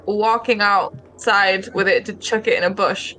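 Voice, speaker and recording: A woman's voice: medium pitch, fairly even intonation, a little slow, sharp tone, a little hiss or hum, poor audio. A woman playing a tabletop game, tentative and laughing as she asks. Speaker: player. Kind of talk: casual tabletop play.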